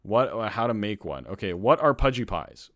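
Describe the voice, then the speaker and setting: A man's voice: fairly low pitch, sing-song, moderate pace, fairly bright tone. A young man from Canada hosting a casual live-streamed podcast, worked up and ranting with lots of swearing. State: sweating. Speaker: podcast host.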